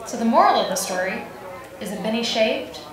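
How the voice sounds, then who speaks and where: A woman's voice: a little high, animated, fairly quick. Woman telling a joke story, echoey room. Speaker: amateur joke teller. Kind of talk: storytelling a shaggy-dog joke. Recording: echoey room from far off, crowd behind.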